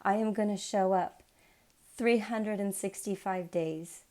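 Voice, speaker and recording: A woman reading scripture aloud in a measured, unhurried way, then chatting with her listeners, her voice worn from illness. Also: mid-range voice. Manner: unhurried, measured reading; chatty and excited when speaking off the text. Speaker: Bible reading channel host.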